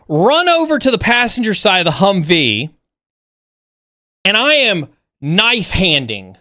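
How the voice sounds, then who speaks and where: Man, livestream host, bright tense tone, fairly high voice, dry close sound, halting animated storytelling. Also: no room sound. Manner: animated, rising pitch when excited; halting with frequent restarts. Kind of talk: casual storytelling.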